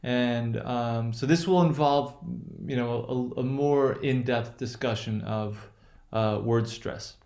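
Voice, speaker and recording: A man gives a recorded lesson at a middle pitch, talking in a hesitant, searching way with plenty of fillers and restarts. He explains slowly and circles back to repeat his points. His voice rings in a noticeably echoey room. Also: a little mellow. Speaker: English pronunciation teacher.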